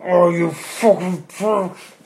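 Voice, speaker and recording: Male GM voicing a shrill, cursing prisoner, slow and loud, faint room hum. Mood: furious. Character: bound, furious captive man swearing.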